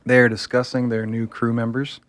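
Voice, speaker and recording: A man's voice: medium pitch, level tone, a little fast, fairly bright tone, dry recording. A man reviewing a comic book, talking casually and enthusiastically, rambling with fillers.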